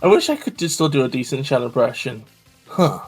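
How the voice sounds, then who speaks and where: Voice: mid-range voice, wildly swooping pitch, fast talker, slightly rough, soft background music. A co-streamer chatting casually and swearing while playing a video game. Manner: chatty, swearing, laughing outbursts.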